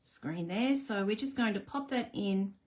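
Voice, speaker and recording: A woman's voice: medium pitch, lively intonation, unhurried, darkish tone. A woman hosting a live card-making stream, chatting casually and laughing at herself while she works. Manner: chatty, self-deprecating, talks to viewers while working. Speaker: crafting live stream host. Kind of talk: casual live crafting demo.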